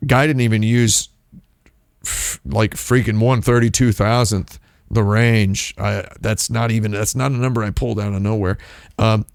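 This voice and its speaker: A man with a fairly low voice talks through a casual livestream in a loose, rambling way. He often cuts himself off and restarts, tossing in wry asides. The sound is dry and close, with no room around it. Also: no echo. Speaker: streamer host.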